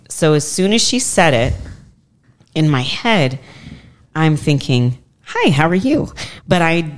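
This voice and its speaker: A woman in her forties telling a long personal story in a casual podcast chat, animatedly acting out what others said. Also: low-pitched. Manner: animated, acts out quoted voices.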